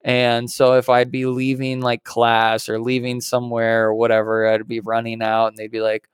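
Animated male podcaster telling a story. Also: medium pitch, normal speed, smooth, dry recording, studio quality. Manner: animated storyteller, acts out quoted voices, swears casually. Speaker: podcast co-host. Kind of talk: casual storytelling chat.

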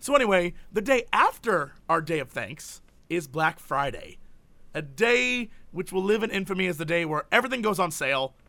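A young man talks in casual comedic chat, bright and high. His pitch leaps around as he riffs and restarts. He keeps it loose, jokey and animated. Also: normal speed, creaky. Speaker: co-host.

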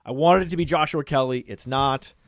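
A man in the middle of his register co-hosts a casual podcast, excitable and quick to reel off long lists of names and figures. He pokes fun at himself as he goes. The sound is dry and close, with no room around it. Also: mid-range voice, no room sound. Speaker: podcast co-host.

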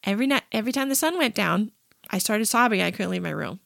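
A woman in her thirties co-hosting a casual podcast, animated and teasing with a theatrical edge. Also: medium pitch, quick pace, gravelly, no room sound, clean studio sound. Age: 30s. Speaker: podcast co-host. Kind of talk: casual chat.

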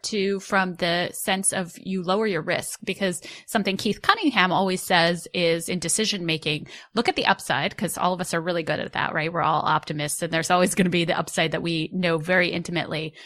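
A woman co-hosting a podcast, thoughtfully building on her guest's points in relaxed conversation. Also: on the low side. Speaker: podcast co-host.

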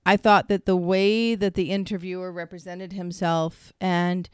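A woman's voice: lowish voice, flat delivery, measured pace, clean tone, no room sound, studio quality. A woman co-hosting a casual talk show, explaining things earnestly and with many restarts, and getting flustered when she is teased. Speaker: podcast co-host. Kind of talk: casual chat.

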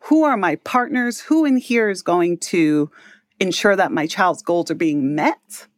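A woman's voice: on the low side, measured pace, dry recording, clean studio sound. A woman in her thirties with a New York accent, an educator and parent speaking as a podcast guest, explaining things earnestly and often checking in with "right?". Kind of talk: podcast interview.

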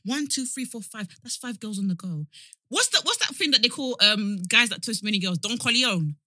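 A woman's voice: fairly high pitch, lively intonation, brisk, bright, forceful tone, no room sound, studio quality. A woman co-hosting a podcast, chatting casually with lots of laughs and slang. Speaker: podcast co-host. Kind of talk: casual chat.

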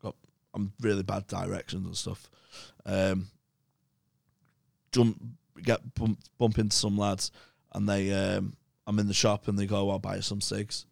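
A man's voice: on the low side, measured pace, vocal fry, no echo, clean studio sound. A young English man, a podcast guest, telling rambling, swear-filled stories in casual chat. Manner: swears a lot, rambling animated anecdotes.

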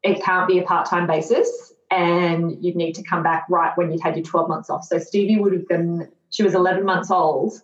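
Speaking at normal speed with few pauses, this podcast guest, a woman in her thirties, keeps a lowish voice and a level tone. She shares her own story earnestly and reflectively, now and then slipping in self-mocking sarcasm. The sound is lo-fi, dull, and roomy.

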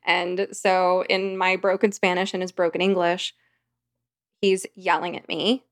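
A woman's voice: lowish voice, level tone, a little slow, dry recording, clean studio sound. A woman, a podcast guest, telling a long personal anecdote in a rambling, vivid conversational way. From United States. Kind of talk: storytelling in conversation.

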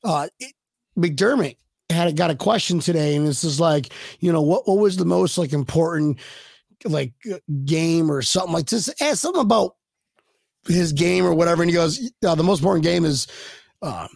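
A man co-hosting a sports fan podcast, rambling and hyped, with loud bursts of laughter and yelling. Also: fairly high pitch, lively intonation, normal speed, creaky, breathy edge, dry recording, clean studio sound. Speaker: podcast co-host. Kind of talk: excited sports fan chat.

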